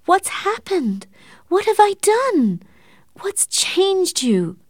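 A woman voicing an anxious young woman who pleads in a high, tearful voice. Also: sing-song, measured pace, dry recording, clean studio sound. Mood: desperate.

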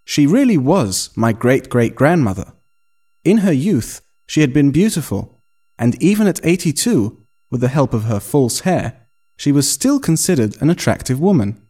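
A man reading a first-person story aloud in an expressive, storytelling manner. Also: medium pitch. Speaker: narrator. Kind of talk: scripted story narration.

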